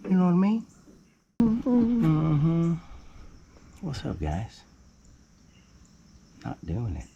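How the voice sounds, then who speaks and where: A man's voice: fairly high pitch, huge pitch swings, drawn-out words, dark tone, muffled recording, slight background noise. A man casually explaining construction work at his building site, joking around as he goes. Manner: playful, joking, calls viewer "baby cakes". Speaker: homesteader building his house.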